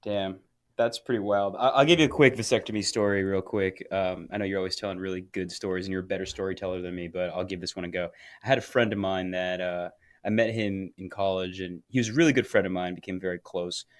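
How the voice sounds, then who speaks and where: A man co-hosting a podcast, telling a crude story in casual chat and getting loud when he quotes people. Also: sits low, steady tone, quick pace, no room sound, clean studio sound. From Florida. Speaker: podcast co-host.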